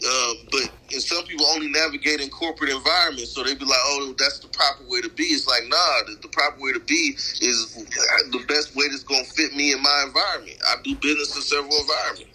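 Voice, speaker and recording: A man's voice: medium pitch, steady tone, fast talker, few pauses, pushed and bright, a little hiss or hum, poor audio. A man with a Bay Area accent talking in a casual, streetwise, laid-back way. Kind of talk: casual chat.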